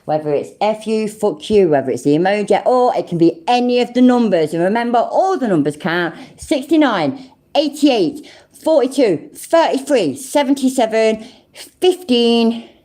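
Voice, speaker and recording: A woman's voice: mid-range voice, animated, a little fast, hardly any pauses, warm tone. A woman with a British accent hosting a livestream, giving blunt, sweary reactions and talking to her chat. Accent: British English. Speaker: livestream host. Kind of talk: casual live reaction commentary.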